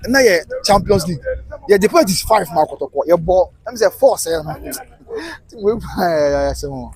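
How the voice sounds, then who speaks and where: A Ghanaian man holds forth on a live stream, his fairly high voice a little husky. He rants in quick bursts, switching between Twi and English as he talks football. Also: animated, a little mellow, poor audio. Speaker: livestream football commentator. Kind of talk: casual live commentary.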